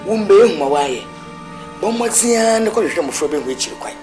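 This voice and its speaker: A woman with a Ghanaian Twi accent playing a mother who scolds her son in a lively, sing-song way. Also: mid-range voice, brisk, natural voice. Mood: scolding. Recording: film audio over loud music.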